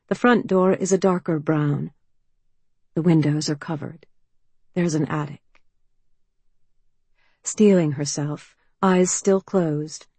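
Woman narrator, breathy and unhurried, reading suspense fiction. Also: fairly low pitch, no room sound. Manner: slow, hushed, tense storytelling. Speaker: audiobook narrator. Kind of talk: scripted narration.

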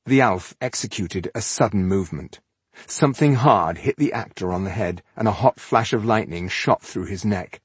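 Husky guy reading a fantasy audiobook, steady and measured, low voice. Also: dry recording. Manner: measured, even storytelling. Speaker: audiobook narrator. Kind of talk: scripted fantasy narration.

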